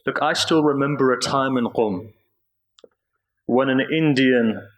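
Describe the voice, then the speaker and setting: A man speaking at a mosque, delivering a slow, grieving sermon narration during a Muharram gathering. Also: medium pitch. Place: mosque prayer hall. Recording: echoey mosque hall.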